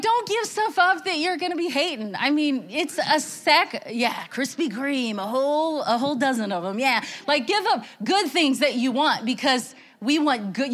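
A woman speaking to her church in an earnest, chatty way, often pausing with fillers and starting over. Her voice sits a little high. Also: a bit bright. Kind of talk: informal church talk.

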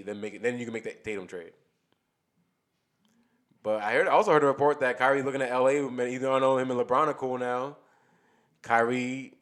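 A man's voice: medium pitch, a bit bright. A man co-hosting a podcast, talking sports casually and thinking aloud as he goes. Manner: loose, rambling, thinks aloud with restarts. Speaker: podcast co-host.

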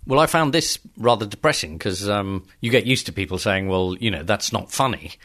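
Male editor, lowish voice, weary and sardonic in conversation. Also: animated, a little fast, fairly bright tone. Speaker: magazine editor. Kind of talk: conversational podcast chat.

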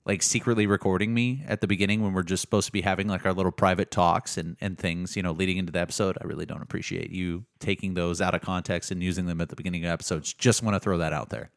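Guy cohosting a book podcast, kinda low voice, jokey and rambly, dry sound. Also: fairly even intonation, fast talker, few pauses, no echo. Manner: joking, rambling, self-interrupting. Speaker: podcast co-host. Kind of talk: casual chat.

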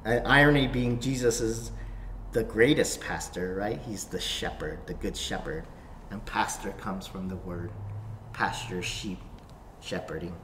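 A man preaching a sermon as a pastor. He swings from loud emphasis down to soft near-whispers. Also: on the low side, a little slow, slight background noise. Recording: roomy echo.

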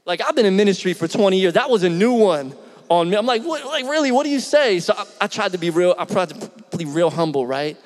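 A middle-aged Philadelphia pastor tells a story during his sermon, speaking conversationally and with animation while putting questions to the congregation. His voice sits high and moves briskly, trailing a long reverb.

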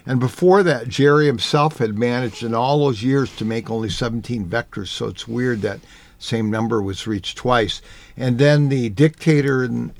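A man with a gravelly, fry-edged voice talks as an auto journalist on a casual radio show. He tells long, winding anecdotes at an easy pace. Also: medium pitch. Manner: rambling anecdotal storyteller.

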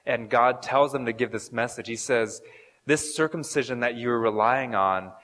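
A man's voice: mid-range voice, normal speed, a bit bright. A man giving a casual, conversational sermon, joking and stumbling over fillers and restarts as he explains scripture. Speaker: pastor. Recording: long hall reverb.

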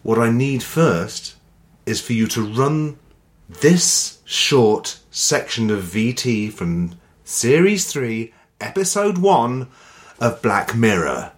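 A man's voice: medium pitch, sing-song, slow pace, slight background noise. A man co-hosting a comedy podcast, rambling in a dry, sweary way and laughing mid-sentence. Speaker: podcast co-host. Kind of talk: casual comedy chat.

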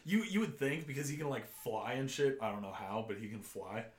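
A man co-hosting a podcast, chatting casually, profane and laid-back, getting animated when telling stories. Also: mid-range voice, a little fast, crowd noise. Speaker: podcast co-host. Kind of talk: casual chat. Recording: echoey room.

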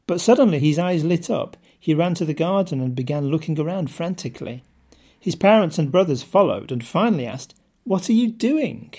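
A man delivers a short scripted devotional talk, moving from a story into rhetorical questions. His voice sits a little higher than most men's, with a mellow, soft-edged tone and a slight huskiness. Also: animated, brisk, slightly rough. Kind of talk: scripted sermon-style talk.

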